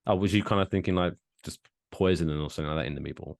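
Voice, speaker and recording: A man's voice: low voice, racing, vocal fry, no room sound, clean studio sound. A man, co-hosting a casual podcast with jokes and swearing. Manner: animated, swearing, jokey. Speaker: podcast co-host.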